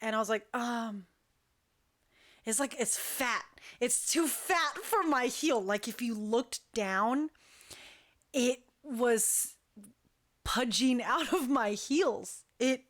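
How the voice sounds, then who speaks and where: A young woman hosting a talk show, telling a long story in a chatty, animated way and acting out what people said. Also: a little high, takes it slowly. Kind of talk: casual storytelling.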